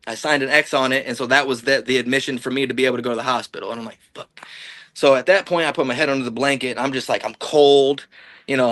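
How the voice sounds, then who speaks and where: With no echo, a medium-pitched man's voice sounds bright and forceful. He's a podcast guest from the Illinois-Iowa border, cursing and rambling through a long story about himself and playing out what people said.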